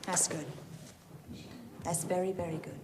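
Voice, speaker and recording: A woman playing a brisk sing-song schoolteacher. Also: lowish voice, fairly even intonation, echoey room, noisy background, lightly acted. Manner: firm, sing-song classroom drilling. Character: brisk female primary schoolteacher.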